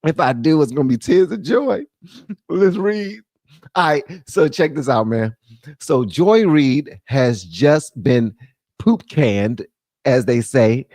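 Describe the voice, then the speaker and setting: An American man hosting a live stream, giving animated, jokey commentary and laughing often. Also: mid-range voice, slow, no echo.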